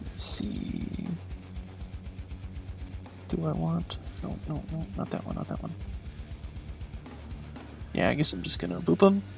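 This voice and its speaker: A man playing a tabletop game, talking quietly and muttering to himself as he decides. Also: on the high side, sing-song, slow, creaky, long pauses, faint music behind. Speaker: player. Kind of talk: casual tabletop game play.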